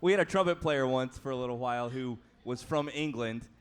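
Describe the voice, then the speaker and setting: A man's voice: mid-range voice, brisk, clean tone. A man appearing as a guest on a live podcast stage, giving blunt, dry, short answers. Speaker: guest musician. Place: live music venue stage.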